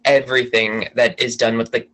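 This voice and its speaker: A man's voice: medium pitch, little pitch movement, moderate pace, a bit bright, rough recording. A man from the DC area, a podcast guest chatting casually and rambling through gossip with many restarts. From Washington DC area. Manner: chatty, rambling, self-correcting.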